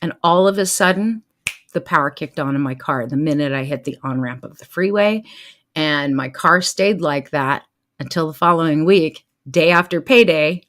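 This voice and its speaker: A middle-aged woman and show host telling casual stories to her viewers, animated and quick to laugh. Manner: animated, laughs often, swings pitch to act out what people said. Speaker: life coach and show host.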